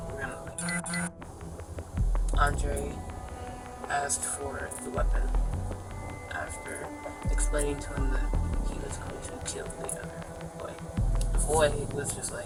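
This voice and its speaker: A young woman recounting events in a police interview, talking in a flat, hushed way with many fillers. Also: low voice. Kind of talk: recorded interrogation. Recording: distant muffled interview room audio with music.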